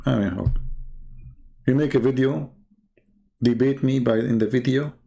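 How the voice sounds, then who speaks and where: Gravelly man taunting his viewers. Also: mid-range voice, moderate pace, mellow. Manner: combative, challenging, mocking. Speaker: livestream host. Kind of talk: taunting livestream monologue.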